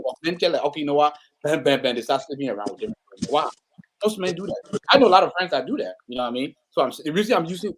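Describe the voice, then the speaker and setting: High-voiced rambling man hosting. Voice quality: rambling, stammering restarts, laughs often. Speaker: host. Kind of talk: casual live-stream panel chat.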